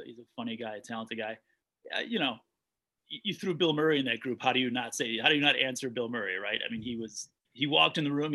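A man's voice: mid-range voice, pushed and bright. A man, a documentary director, telling stories in a casual interview, rambling with frequent restarts.

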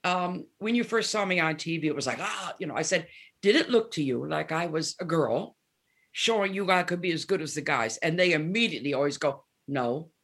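A gravelly-voiced woman of seventy chats as a guest in a casual interview. She tells stories with animation and acts out the dialogue in them. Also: low voice, animated, brisk, fairly bright tone. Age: 70s. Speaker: guest musician.

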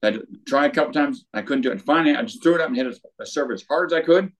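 Older male guest, lively storyteller who acts out quotes, average pitch. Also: rapid-fire. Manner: animated storyteller with acted quotes. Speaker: guest, former tennis pro. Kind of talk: storytelling interview.

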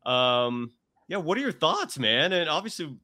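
Laid-back co-host, a bit high-pitched. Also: male voice, very animated, pushed and bright. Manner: laid-back, quick asides, laughs often. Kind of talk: casual sports podcast chat.

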